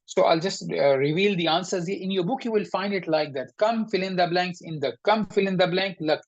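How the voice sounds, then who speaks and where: A woman teaching an online Arabic grammar lesson, explaining patiently, checking in with her students and pausing often with fillers. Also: on the low side, dull audio. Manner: hesitant, with frequent fillers and restarts.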